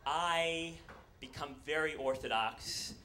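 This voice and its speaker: A man in his forties, from New York, spins a rambling, self-mocking tale on a live stage, his voice sitting a touch high for a man. The recording is noisy, with a steady hiss of ambience under him. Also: takes it slowly. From New York, USA. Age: 40s. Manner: rambling, self-deprecating, comic. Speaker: storyteller. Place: on a stage before an audience. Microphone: handheld stage mic.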